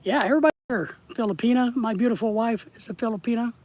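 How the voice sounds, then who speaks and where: A man with a husky voice chatting casually with his viewers on a live stream while he fishes outdoors. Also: very high-pitched, fast talker, darkish tone. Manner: rambling, chatty, addresses viewers in chat. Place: outdoors, fishing.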